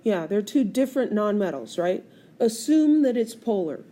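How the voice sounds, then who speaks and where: A woman's voice: mid-range voice, very animated, normal speed, dark tone. A woman teaching chemistry in a screencast lecture, explaining step by step and putting questions to the class. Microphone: tablet screencast recording.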